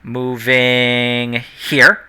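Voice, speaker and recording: A man's voice: mid-range voice, monotone, very slow, sharp tone, clean tone. A man running a tabletop game as dungeon master, explaining the rules and correcting himself as he goes.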